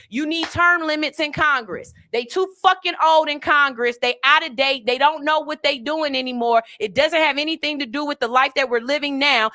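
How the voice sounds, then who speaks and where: A woman with a high, bright voice holds forth as a podcast host. She rants bluntly and emphatically, with heavy profanity and plenty of repetition for effect, all in a casual commentary style.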